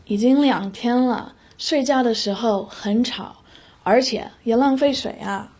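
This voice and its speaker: A woman's voice: on the high side, unhurried, a little mellow. A woman playing a hotel guest who politely but firmly raises complaints in a scripted learner dialogue. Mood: complaining.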